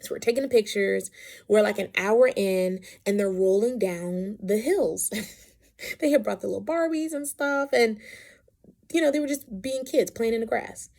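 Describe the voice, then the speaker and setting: Brief: casual mom vlogger, woman, gravelly, storyteller. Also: on the high side, a little slow. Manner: chatty, animated, lots of asides. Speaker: vlogger, mother.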